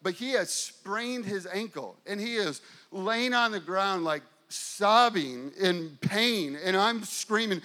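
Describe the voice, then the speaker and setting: A man in his forties, a pastor, telling a lively story in a sermon and now and then breaking into shouts as he acts it out. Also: high voice, moderate pace. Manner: animated, bursts into shouts while acting out his story.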